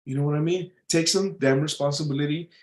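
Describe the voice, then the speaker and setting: A man's voice: fairly high pitch, steady tone, fast talker. Blunt, cursing man in an echoey room. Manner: blunt, swears often, repeats and restarts. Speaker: vlogger giving life advice. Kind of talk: casual motivational talk.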